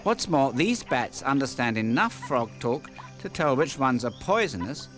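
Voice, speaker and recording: A man's voice: mid-range voice, sing-song, moderate pace, a bit bright. A man narrating a nature documentary for kids in a playful, jokey scripted style with wisecracking asides. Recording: background music with crickets.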